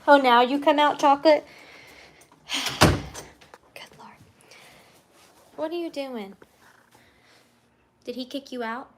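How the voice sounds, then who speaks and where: A woman's voice: high voice, normal speed, pauses often. A woman hosting a casual late-night live stream, chatting to viewers and cooing to her pet rabbits. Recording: roomy room with faint noise.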